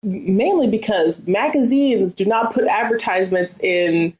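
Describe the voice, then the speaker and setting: A woman's voice: mid-range voice, measured pace, a little mellow, low-quality recording. A woman co-hosting a casual podcast, ranting with exasperation about a cartoon's plot holes. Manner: exasperated, ranting, acting out characters in quotes. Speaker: podcast co-host. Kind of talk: casual chat.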